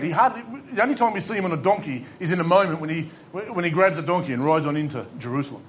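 A man's voice: fairly high pitch, animated, fast, few pauses, fairly bright tone, a little hiss or hum. A male pastor preaching a sermon to a congregation, fervent and exhorting, with dry humorous asides. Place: church hall with congregation.

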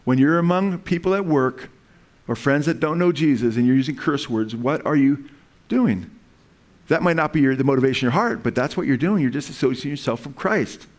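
A man's voice: mid-range voice, fairly quick. Earnest man preaching a sermon. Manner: earnest, conversational preaching, rises when quoting scripture.

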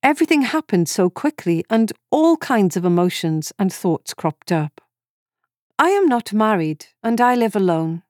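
Woman in her forties, calm measured story reading, dry close sound, mid pitch. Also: no echo. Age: 40s. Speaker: reader of a first-person story. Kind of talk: scripted narration.

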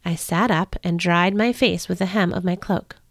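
A woman hosting a podcast, telling a Bible story in the first person in an earnest, expressive way. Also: lowish voice, normal speed, dry recording, studio quality.

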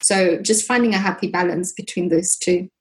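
A British woman appears as a guest in a casual conversation, chatting and telling lively stories with frequent fillers. She has a lowish voice at a normal speed, and the audio is poor.

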